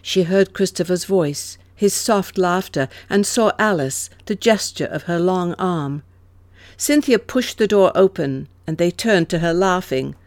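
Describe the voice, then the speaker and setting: A woman narrating an audiobook in a measured, expressive manner. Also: on the low side, no room sound. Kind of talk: scripted narration.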